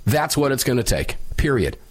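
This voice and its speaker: Loud middle-aged guy ranting on talk radio, stuffy from a sinus infection, pitch jumps all over. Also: sing-song, moderate pace, slightly rough. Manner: loud, emphatic storytelling. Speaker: radio talk show host.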